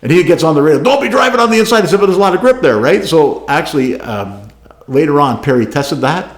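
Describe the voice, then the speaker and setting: A man co-hosting a podcast, telling a racing story in a casual, animated way, acting out radio calls and laughing often. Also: fairly high pitch, fairly quick. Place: garage studio. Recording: roomy echo.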